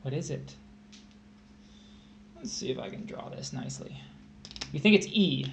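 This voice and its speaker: A man's voice: medium pitch, expressive, unhurried, creaky. A man tutoring test prep on a casual livestream, joking and rambling as he explains math. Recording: echoey room, faint hiss.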